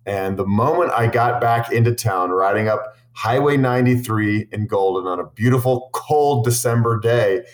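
A man's voice: mid-range voice, moderate pace, few pauses. A man who makes cycling videos, answering interview questions with long, earnest, enthusiastic stories, full of restarts. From Boulder, Colorado. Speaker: cycling content creator.

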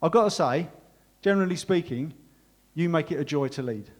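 A man delivers a sermon to his congregation. His voice sits a little higher than most men's. He speaks earnestly and with warmth, as a pastor would. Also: animated, a little fast. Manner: earnest, warm, emotional thanks. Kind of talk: sermon and closing prayer.

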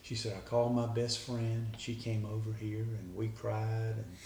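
Man, guest storyteller, earnest, lowish voice, echoey room with faint hum. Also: flat delivery, normal speed, a little mellow, recorded from a distance. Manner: earnest, retells a conversation line by line. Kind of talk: personal storytelling.

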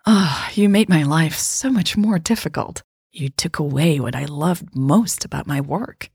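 A woman reading as a warm, teasing woman. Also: low voice, a little slow, gravelly, breathy edge, no room sound, clean studio sound, full character voice. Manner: gentle, teasing.

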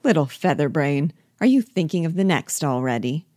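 A woman reading the part of Torvald Helmer, a genteel and condescending husband in a classic stage play, in a brisk, fussy manner. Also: deep voice, expressive, darkish tone, no room sound, studio quality. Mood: jovial.

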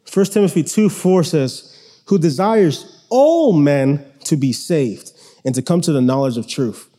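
High-voiced young man preaching casually. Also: expressive, measured pace, warm tone. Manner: casual, conversational preaching with many restarts. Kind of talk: sermon.

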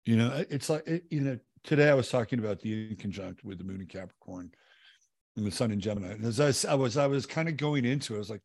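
A man's voice: medium pitch, animated, fast talker, darkish tone, no room sound. A man hosting a casual livestream, chatting loosely and reading viewer comments, rambling with many fillers and restarts and casual swearing. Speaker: livestream host. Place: home, living in Texas.

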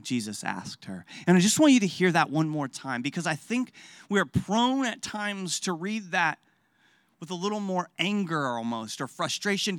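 A pastor preaches a sermon with great animation and emphasis, repeating phrases for weight and posing rhetorical questions. His pace is a little slow, and his phrases drop quiet and low at their ends. The recording is clean studio sound with no room echo.

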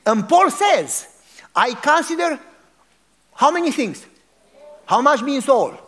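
A pastor with a high-pitched voice delivers a sermon. He tells a story dramatically and keeps turning to the congregation with questions. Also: big pitch swings, slow pace, long pauses, fairly bright tone.

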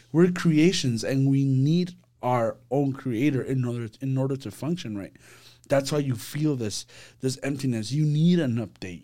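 A man's voice: mid-range voice, dark tone. Earnest man leading a faith chat. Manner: earnest, preachy, repeats himself. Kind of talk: casual faith discussion.

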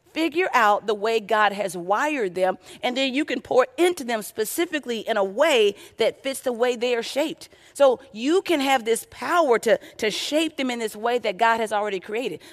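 A woman preaching a sermon, often addressing her listeners as y'all. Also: fairly high pitch. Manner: warm conversational preaching, addresses audience as y'all.

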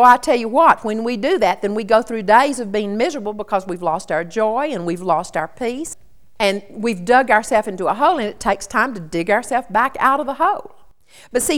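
Woman preaching an earnest sermon. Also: on the high side. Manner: earnest, storytelling teaching tone.

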